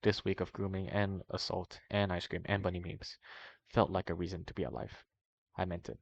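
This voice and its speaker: A man reading a long document aloud in a steady way, now and then stumbling and correcting himself, in a dull, slightly muffled recording. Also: deep voice, fairly quick, creaky. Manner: steady reading with small slips and self-corrections. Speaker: reader of a document. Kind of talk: long read-aloud narration.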